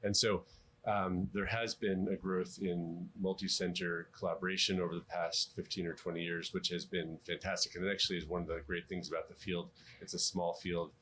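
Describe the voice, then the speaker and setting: Deep-voiced doctor, halting interview answers. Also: male voice, flat delivery, a bit bright, slight background noise. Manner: measured, frequent ums and restarts. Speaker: interviewed cardiologist.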